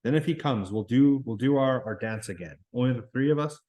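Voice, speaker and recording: A man's voice: medium pitch, fairly quick, warm tone, lo-fi sound, natural voice. A man reading a bossy schoolboy chief. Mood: commanding.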